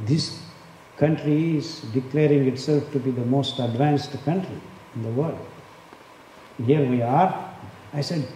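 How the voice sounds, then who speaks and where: A man's voice: medium pitch, mellow. A man in his sixties from India, giving an impassioned talk and repeating words for emphasis. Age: 60s. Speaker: speaker on diet and health. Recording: echoey hall, faint background noise.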